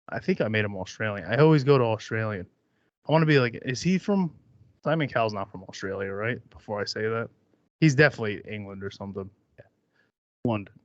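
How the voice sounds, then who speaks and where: A man's voice: on the low side, animated, fast, no echo. A man hosting a podcast, ranting casually in a profane, sarcastic, mocking way. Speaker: podcast host. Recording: dry, dull lo-fi sound.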